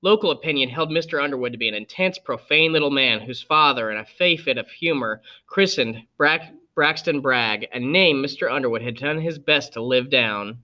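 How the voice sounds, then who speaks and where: A man reading a novel aloud as a narrator, with steady storybook delivery. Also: mid-range voice, normal speed, hardly any pauses, muffled recording. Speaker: audiobook reader. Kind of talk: scripted narration.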